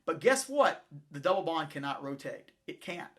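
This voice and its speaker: A man's voice: on the high side, sing-song, normal speed, fairly bright tone. Rambling male chemistry teacher. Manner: rambling, self-correcting, talks while building models. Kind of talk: classroom lecture with chalkboard and models.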